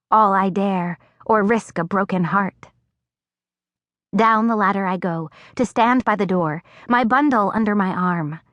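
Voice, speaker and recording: A woman narrating a first-person audiobook in an expressive storytelling voice, recorded on a close studio mic. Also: mid-range voice, no room sound. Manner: expressive, acting out dialogue.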